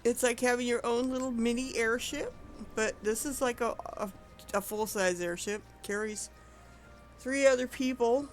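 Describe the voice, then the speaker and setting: A woman's voice: fairly high pitch, moderate pace, soft background music. A woman streaming an online game, chatting casually and rambling with frequent self-corrections. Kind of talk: casual gameplay commentary.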